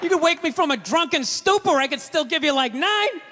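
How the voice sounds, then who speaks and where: A man doing stand-up comedy, brash and profane, ranting at a live audience in a roomy hall with a loud crowd. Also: very high voice, expressive, fairly quick, background noise.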